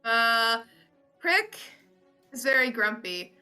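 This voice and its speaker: A woman's voice: a little high, big pitch swings, takes it slowly, sharp tone, clear, resonant tone, faint music behind. A woman playing a tabletop game, asking the game master questions and reading spell text, hesitant and full of fillers. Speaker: player.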